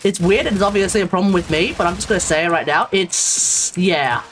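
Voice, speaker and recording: An Australian man chats his way through a game live stream, rambling and stumbling over his restarts. Gunfire from the game rattles loudly behind him. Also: sits high, brisk, slight background noise. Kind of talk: casual live-stream chat.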